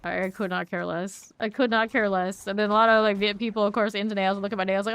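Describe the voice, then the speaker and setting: A woman's voice: mid-range voice, fairly even intonation, creaky, fairly bright tone, clean tone, no echo. A woman streaming a game, chatting casually with her chat and muttering item names while she loots. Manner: chatty, reads chat aloud and answers it, with quick asides.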